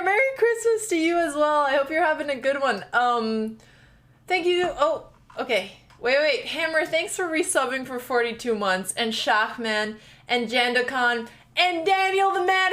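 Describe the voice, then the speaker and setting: A woman with a high, light voice chats casually on a live stream from home. She reads out viewer names and thanks each one, her throat a little sore. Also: fairly bright tone. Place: home room.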